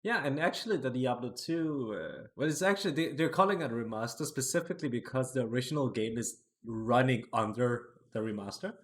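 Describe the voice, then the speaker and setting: A man's voice: medium pitch, expressive, fairly quick, few pauses. A man hosting a casual podcast, talking eagerly and asking his guests questions. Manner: eager, talkative, asks questions. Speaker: podcast host. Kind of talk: casual chat.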